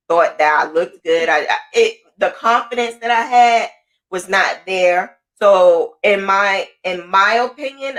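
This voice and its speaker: A woman's voice: on the low side, a bit bright. A woman hosting a podcast, telling her own story in casual talk and often repeating phrases for emphasis. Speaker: podcast host.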